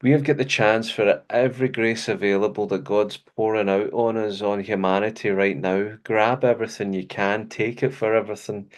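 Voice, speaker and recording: Earnest Scottish man, low voice. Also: fairly even intonation, moderate pace, few pauses. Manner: earnest, laughs easily. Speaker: host. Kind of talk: casual faith interview chat.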